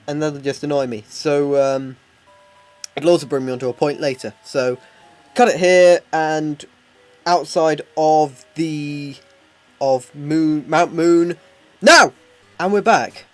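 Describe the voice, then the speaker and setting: A man rambles through a casual game commentary, joking at his own expense. His voice sits a little high, and faint game music plays behind him. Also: a little mellow. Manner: rambling, self-deprecating humor. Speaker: Let's Play commentator.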